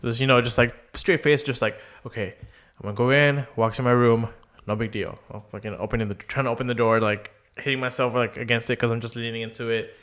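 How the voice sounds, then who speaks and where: Fast and fairly bright, with a mid-range voice and fairly even intonation, this young podcast co-host chats casually. He rambles through stories, peppering them with fillers and quoted voices.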